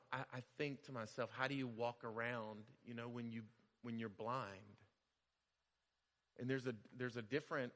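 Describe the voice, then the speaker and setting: Bright-voiced preacher in an echoing hall. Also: male voice, mid-range voice. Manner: conversational, repeats phrases, builds to loud emphasis. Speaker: pastor. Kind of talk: sermon.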